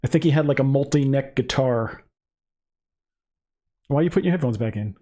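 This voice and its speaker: A man's voice: medium pitch, lively intonation, brisk, dark tone. A man co-hosting a music reaction show, chatting casually and eagerly explaining musical details. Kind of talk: casual chat reacting to songs.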